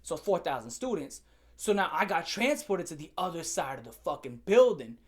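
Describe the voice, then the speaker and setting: A young YouTuber rants through a storytime video in a fairly high, very animated voice at a moderate pace. Swearing freely and dropping slang, he talks straight to his viewers and circles back over the same points, growing more heated as he retells it.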